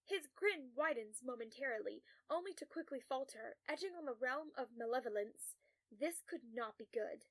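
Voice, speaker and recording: A woman narrating a first-person story in a crisp, wry, composed way. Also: high-pitched, lively intonation, moderate pace, dry recording.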